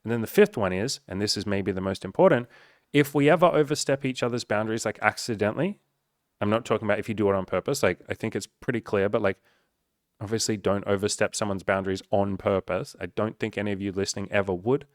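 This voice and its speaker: A man's voice: lowish voice, quick pace, no room sound, clean studio sound. Frank, swearing man. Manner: frank and profane, loose with filler words. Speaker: dating coach. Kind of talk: casual straight-to-camera talk.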